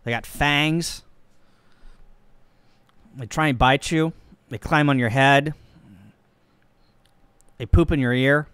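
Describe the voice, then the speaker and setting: A man from Missouri, a ham radio operator, chatting casually and joking on a live stream while he works the radio and thinks out loud. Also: medium pitch, slow, pauses often, clear, resonant tone, dry recording. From Missouri, USA.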